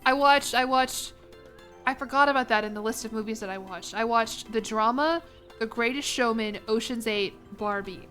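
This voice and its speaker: Young American woman, congested, chatty and rambling with restarts; sharp, slightly high voice. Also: normal speed, soft background music. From United States. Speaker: streamer. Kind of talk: casual gaming stream chat.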